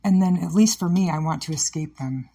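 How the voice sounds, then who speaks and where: This woman talks a little fast in a low-leaning, dark voice with vocal fry. As host of her own podcast and a comedian, she's upset, sharing something painful in a candid, emotional monologue that wanders and turns sarcastic at times.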